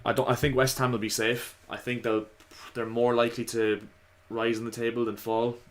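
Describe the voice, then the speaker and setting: A man giving casual, opinionated football commentary to his viewers, slightly hoarse. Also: mid-range voice, flat delivery, moderate pace. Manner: chatty, opinionated, addresses viewers as lads. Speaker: football vlogger.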